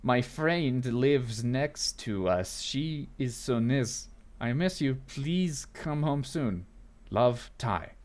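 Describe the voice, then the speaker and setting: A man reading a young child's letter to his father aloud, slow and sweet. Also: mid-range voice, lively intonation, darkish tone. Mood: tender.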